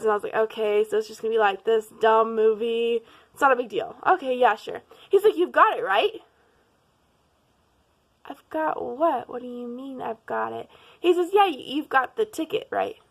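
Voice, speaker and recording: A woman's voice: fairly high pitch, moderate pace. A young woman vlogger telling a casual storytime, acting out quotes and laughing as she goes. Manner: animated, laughing, acts out quotes.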